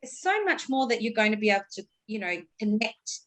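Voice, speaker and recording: A woman's voice: fairly high pitch, big pitch swings, brisk, a bit bright. A woman communication coach giving advice on a panel, explaining patiently and acting out exaggerated intonation.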